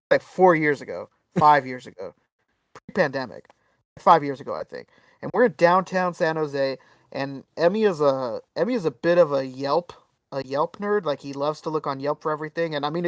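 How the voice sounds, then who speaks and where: Recorded from a distance with no echo, a man with a higher voice co-hosts a podcast and tells a story casually. He's animated, swears without restraint, and performs the lines people said.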